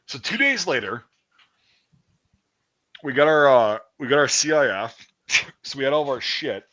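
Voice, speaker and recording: Animated, swearing man telling a story. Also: medium pitch, moderate pace, lo-fi sound. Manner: profane, animated, acts out quotes. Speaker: podcast host. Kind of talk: casual storytelling.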